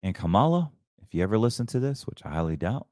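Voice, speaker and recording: Man, deep-ish voice, fervent and preachy, rambling host, dry close sound. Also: big pitch swings, fast talker, darkish tone, no room sound. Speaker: show host. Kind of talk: casual financial commentary.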